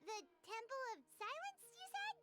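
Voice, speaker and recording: A woman voicing a tiny floating female companion, chirpy and curious, with a squeaky questioning voice in game audio. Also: big pitch swings, moderate pace, full character voice. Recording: game audio with loud music.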